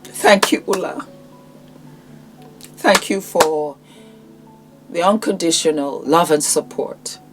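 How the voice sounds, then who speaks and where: Slow, low-voiced gushing woman host. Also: faint music behind. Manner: gushing, affectionate, calls viewers darling. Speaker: vlog host. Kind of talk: casual product promotion.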